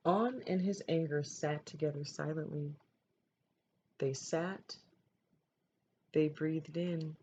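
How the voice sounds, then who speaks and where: A woman teacher reading a picture book aloud in a measured, gentle way. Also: deep voice. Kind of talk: storybook read-aloud. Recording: dull lo-fi recording, faint noise.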